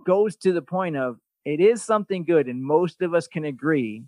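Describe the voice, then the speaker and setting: A male podcast host in loose, casual chat, swearing freely and slipping into sarcastic asides. His voice sits a bit high for a man, and the recording is close and dry with no room sound. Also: normal speed, dry recording. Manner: blunt, profane, animated storytelling.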